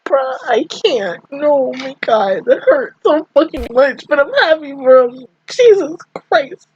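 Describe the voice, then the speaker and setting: Tearful high-voiced woman gushing. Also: lively intonation, measured pace, darkish tone, lo-fi sound, slight background noise. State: crying. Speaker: anime reaction host. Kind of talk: emotional reaction commentary.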